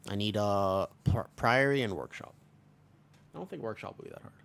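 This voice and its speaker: A man's voice: fairly low pitch, moderate pace, creaky, a bit bright, a little hiss or hum. A young man from America, streaming a game and chatting casually with viewers, rambling and joking as he answers chat. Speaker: livestreamer. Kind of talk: casual livestream chat while gaming.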